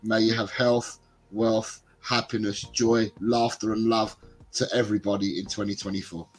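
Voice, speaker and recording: A man's voice: on the low side, level tone, normal speed, soft background music, rough recording. A man with a blocked nose from a cold, speaking as a regular on a casual football live stream. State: congested with a cold. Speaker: show regular.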